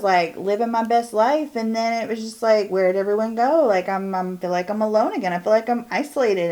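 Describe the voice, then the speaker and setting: A woman in her forties talks through her makeup routine at home in a loose, candid way. She rambles and lets her sentences drift and trail off, like a friend catching up over a mirror. Her pitch sits right in the middle for a woman. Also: a little mellow, a little hiss or hum. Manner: candid, chatty, drawn-out and trailing off. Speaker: beauty vlogger. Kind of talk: chatty get-ready-with-me monologue.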